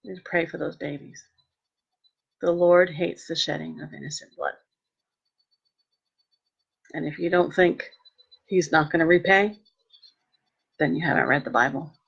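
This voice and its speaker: A woman telling a personal story in a lively way, acting out what people said and turning earnest when she speaks of faith. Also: low-pitched, measured pace, creaky, pauses often, slightly rough, highs cut off. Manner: animated, acts out quoted dialogue. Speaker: vlogger sharing a personal testimony.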